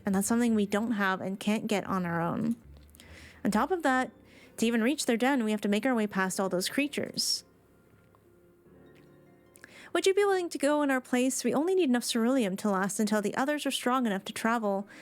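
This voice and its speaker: A woman's voice: a little high, close to an everyday voice. A woman reading aloud the lines of a worried female villager asking for help, in an earnest, polite manner.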